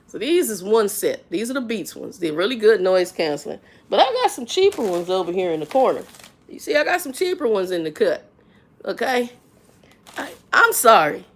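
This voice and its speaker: A middle-aged woman chatting casually on a livestream, telling animated, slangy stories about work and repeating herself as she gets riled. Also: mid-range voice. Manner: animated storytelling, voice jumps up when riled; slangy, frank, repeats words. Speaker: livestream host.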